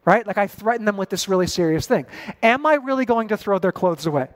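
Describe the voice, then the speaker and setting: A man in his forties preaching a sermon in a conversational, animated way with casual asides. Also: high-pitched, fast. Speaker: pastor.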